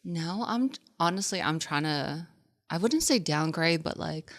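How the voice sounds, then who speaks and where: A woman's voice: sits low, lively intonation, unhurried. A woman in her forties, a podcast guest, chatting casually with a playful, giggly manner. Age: 40s. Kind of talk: casual interview chat.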